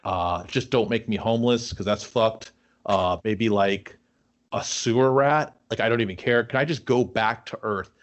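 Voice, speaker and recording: A man's voice: lowish voice, normal speed, a little hiss or hum, lightly acted. A man voicing a sheepish green ghost who mumbles and hesitates as he begs for a way out. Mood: pleading. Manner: mumbling, hesitant, with many uh fillers.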